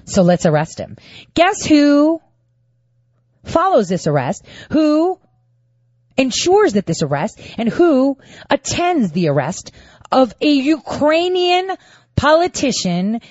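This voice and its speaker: A woman's voice: high-pitched, sing-song, takes it slowly, darkish tone, dry recording, highs cut off. A woman giving casual political commentary, firing off rhetorical questions and sarcastic asides.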